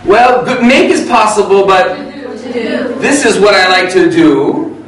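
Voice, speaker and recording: A man's voice: high-pitched, expressive, measured pace, crowd noise. A man leading an English workshop for teachers and students, showing rhythm and intonation by saying phrases aloud. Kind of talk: live classroom workshop teaching. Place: large hall with an audience. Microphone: far from the microphone. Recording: echoey hall, voice from far off.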